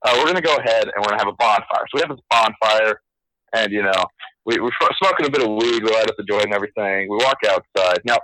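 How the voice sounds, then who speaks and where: A man's voice: fairly low pitch, fast, bright, forceful tone, slight background noise, poor audio. A young man telling a story on a casual podcast chat, swearing a lot and laughing as he goes. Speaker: podcast co-host.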